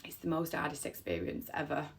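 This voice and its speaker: Her voice is low and sing-song with a breathy edge, and she speaks briskly. A mother of three sharing a personal story, she's emotional and near tears, rambling from the heart and repeating phrases.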